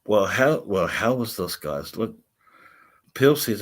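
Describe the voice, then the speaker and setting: A man's voice: on the low side, big pitch swings, slow. A man hosting a livestream, reading out viewer comments and rambling in a chatty way with frequent laughter. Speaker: vlogger host.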